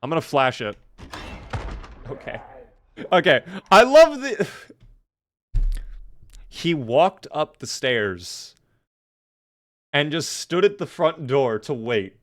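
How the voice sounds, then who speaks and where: A man's voice: mid-range voice, expressive, takes it slowly, pauses often, a bit bright. A man streaming a game live, chatting playfully with his viewers and thanking them as he plays. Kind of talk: live gameplay commentary.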